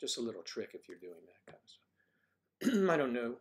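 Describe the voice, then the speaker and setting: An older man hosting a livestream, chatting casually and rambling, thinking aloud with frequent pauses. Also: medium pitch, very animated. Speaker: livestream host.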